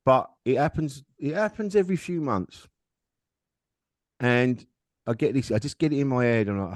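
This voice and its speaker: A man's voice: mid-range voice, animated, moderate pace, long pauses, no room sound. Frank, rambling man, dry sound. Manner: frank, rambling, self-deprecating. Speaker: guest comedian. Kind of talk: candid conversational storytelling.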